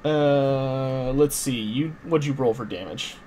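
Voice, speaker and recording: A man's voice: mid-range voice, slow pace, a little mellow, a little hiss or hum. A man narrating a tabletop game as game master, explaining the rules patiently with many small hesitations.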